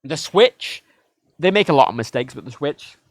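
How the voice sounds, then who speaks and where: A man on a livestream rants about game consoles in a lively, sing-song way, swearing freely. His voice sits a little high for a man, and the sound is close and dry, with no room in it. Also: normal speed, no echo. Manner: animated, heavily profane, mimics devices in quoted voices. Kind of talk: casual ranting monologue.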